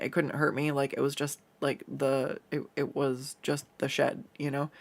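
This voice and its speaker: A man's voice: mid-range voice, vocal fry. A man chatting casually while he draws on a stream, telling rambling stories with plenty of fillers and laughs. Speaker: artist streaming a drawing session. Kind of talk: casual chat while drawing.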